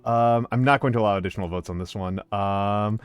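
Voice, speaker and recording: A man's voice: lowish voice, fairly quick, smooth, no echo, dull audio. A man streaming a game and chatting with his viewers, with many ums and uhs and frequent restarts. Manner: hesitant, filler-heavy, warm greetings to chat. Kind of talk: casual stream chat.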